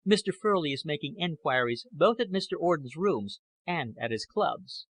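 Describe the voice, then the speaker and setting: A man's voice: on the high side, lively intonation, normal speed, fairly bright tone, husky, dry recording, pitched above the performer's own voice. A man voicing a composed young woman who speaks coolly and directly. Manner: cool, direct.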